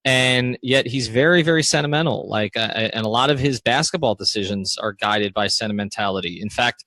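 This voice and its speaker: A male podcast host and sports writer giving background and asking interview questions in a measured, explanatory way. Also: mid-range voice, pushed and bright, no room sound. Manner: measured, explanatory, with frequent "uh" fillers.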